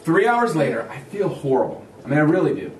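A man preaching a sermon as a pastor, telling a story with lively acted-out voices of others. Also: fairly high pitch, quick pace, background noise. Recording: echoey room from a distance.

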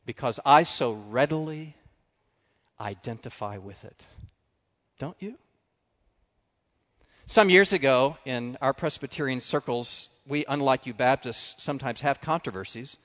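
A man preaching a sermon, telling stories with animated swings between loud and quiet. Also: mid-range voice, measured pace, long pauses. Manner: animated storytelling, drops to quiet confessional tones. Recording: long reverb of a large hall.

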